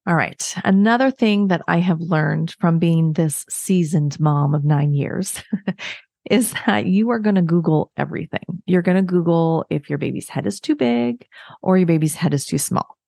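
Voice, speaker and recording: A woman's voice: fairly low pitch, normal speed, vocal fry, a little mellow, dry recording, studio quality. A woman in her thirties hosting a podcast, giving candid, self-mocking, chatty advice to other parents. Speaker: podcast host. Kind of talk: casual solo advice talk.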